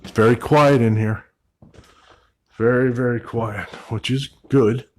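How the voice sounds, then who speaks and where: Brief: male paranormal vlogger on his own in a dark old store, mid-pitch voice, loud calls then hushed asides. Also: steady tone, measured pace. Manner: talks to spirits and camera, shifts between loud calls and hushed asides. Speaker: paranormal investigator. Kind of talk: solo ghost-hunting vlog narration. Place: old store building at night, indoors.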